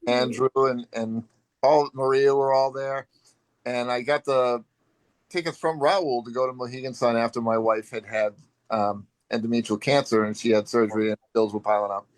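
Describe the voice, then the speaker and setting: A man's voice: mid-range voice, moderate pace, no echo, rough recording. Plain-voiced man telling a fan story. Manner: relaxed storyteller with frequent "um" and "uh". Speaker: longtime fan, group member. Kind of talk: casual video chat storytelling.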